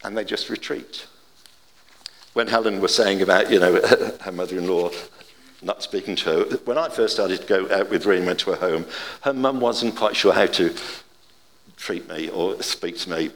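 An older man giving an informal, chatty sermon with gentle humour and family anecdotes. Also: low-pitched, moderate pace, big-room sound.

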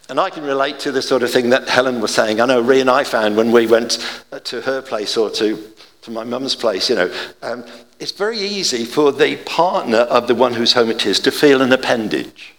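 An older man giving an informal, chatty sermon with gentle humour and family anecdotes. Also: mid-range voice, lively intonation, moderate pace, big-room sound.

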